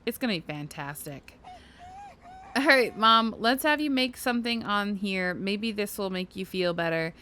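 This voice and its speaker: A woman's voice: mid-range voice, animated, moderate pace, sharp tone. Chatty, giggly woman narrating her gameplay. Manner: chatty, giggly, talks to her game characters. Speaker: gaming video host. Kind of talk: casual let's-play commentary.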